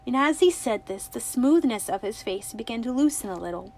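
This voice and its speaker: A woman's voice: on the high side, animated, fairly quick, a little mellow. Woman reading a novel aloud. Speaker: narrator. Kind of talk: audiobook narration.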